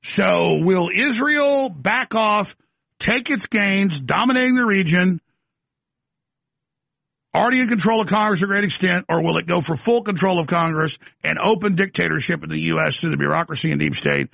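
A man's voice: high voice, moderate pace, vocal fry, a bit bright, dry recording. A man hosting a talk show, delivering an impassioned, emphatic monologue into a studio microphone. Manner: ranting, emphatic, insistent.

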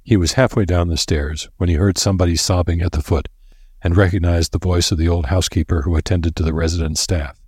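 A man narrating a story in a steady, measured reading voice. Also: low-pitched, breathy edge, dry recording, clean studio sound. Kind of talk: audiobook narration.

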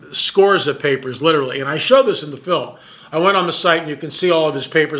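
Excited male filmmaker, bright and punchy tone, emphatic and repetitive storytelling. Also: fairly high pitch. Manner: excited, emphatic, repeats words. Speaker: documentary filmmaker. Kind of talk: casual storytelling monologue.

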